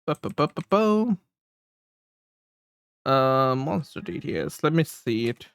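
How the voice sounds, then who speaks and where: A man's voice: medium pitch, big pitch swings, takes it slowly, creaky, a bit bright, clean tone, dry recording, studio quality. A man livestreaming, rambling casually to his chat with frequent chuckles while he fiddles with settings.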